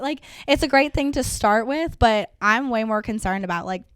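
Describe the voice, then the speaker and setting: A woman's voice: expressive, moderate pace, clear, resonant tone, no echo, studio quality. A young woman dog trainer talking in a casual interview, upbeat and filling her speech with "like". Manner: upbeat, uses "like" a lot, acts out dogs and owners in higher voices.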